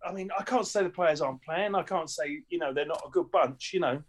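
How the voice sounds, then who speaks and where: A man in his fifties, a guest comedian chatting casually in an animated, rambling way. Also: on the high side, brisk. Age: 50s. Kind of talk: casual chat.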